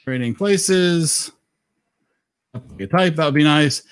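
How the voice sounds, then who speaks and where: A man's voice: fairly high pitch, slow, clear, resonant tone, no echo. A man hosting a casual online movie night, chatting with lots of fillers and laughs. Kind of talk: casual group chat.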